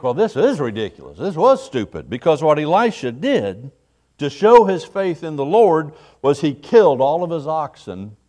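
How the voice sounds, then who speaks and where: A man's voice: a little high, a little mellow. A middle-aged man, a pastor, preaching a morning sermon in a folksy, conversational way, acting out little quotes.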